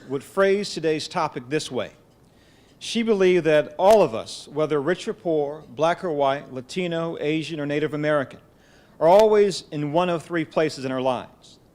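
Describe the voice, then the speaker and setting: A middle-aged man giving a formal keynote speech at a college event, speaking in a measured storytelling way with touches of gentle humor, into a podium microphone. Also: fairly high pitch.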